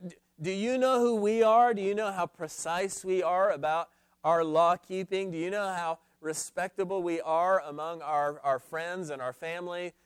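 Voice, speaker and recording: A man's voice: sits high, steady tone, normal speed, smooth, dry recording, clean studio sound, pitched above the performer's own voice, lightly acted. A man voicing indignant, self-righteous male religious leaders who question with haughty affront.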